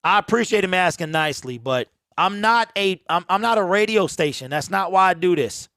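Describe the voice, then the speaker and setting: A man's voice: sits high, animated, fairly quick, fairly bright tone, smooth, no echo, clean studio sound. A man hosting a live-stream watch party, chatting casually with viewers and calling plays over the broadcast. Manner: laid-back, chatty, answers viewers' comments.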